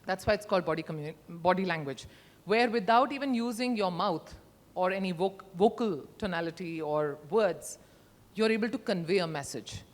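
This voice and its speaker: A middle-aged woman, giving an interactive workshop talk at a conference, emphatic and expressive, using her voice to demonstrate. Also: lowish voice, moderate pace. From India. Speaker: conference speaker. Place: large conference hall. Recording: long hall reverb.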